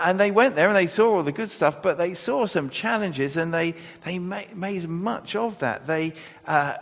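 A man preaching a sermon, telling the story conversationally with fillers and restarts. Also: on the high side. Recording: echoey church hall.

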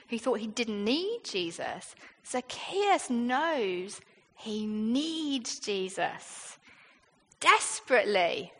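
High-voiced British woman preaching. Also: a bit bright. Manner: conversational, with frequent rhetorical questions. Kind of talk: sermon. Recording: long reverb of a large hall.

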